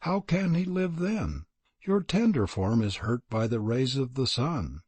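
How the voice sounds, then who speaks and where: A man reading a storybook, voicing a grieving old serpent mother in a wailing lament with a husky voice. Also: medium pitch, big pitch swings, moderate pace, a little mellow, dry recording.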